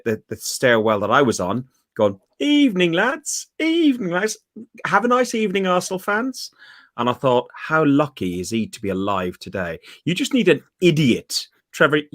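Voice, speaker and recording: A man's voice: medium pitch, a bit bright, no room sound, clean studio sound. A man hosting a casual football podcast, telling rambling stories full of fillers. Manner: rambling anecdotes with many fillers. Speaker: podcast host.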